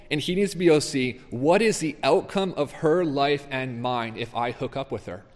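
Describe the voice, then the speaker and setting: A male pastor delivering a sermon in an earnest, emphatic way, stressing his warnings as he reads scripture. His voice sits at an ordinary pitch for a man. The sound carries the long reverb of a large hall. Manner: earnest, emphatic preaching, reading scripture aloud.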